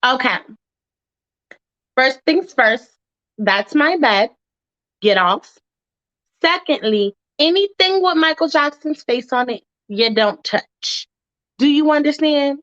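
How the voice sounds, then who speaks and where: A woman's voice: sits high, lively intonation, slow, long pauses, a bit bright, highs cut off, exaggerated voice. A woman voicing a brash, feisty young female roommate who talks bluntly with sassy slang. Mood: bossy.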